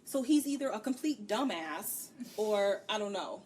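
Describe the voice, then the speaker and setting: A woman's voice: medium pitch, expressive, a little mellow. A woman co-hosting a book review podcast, ranting candidly in casual chat. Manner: candid, ranting, acts out characters' lines in quick bits. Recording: distant mic with faint background noise.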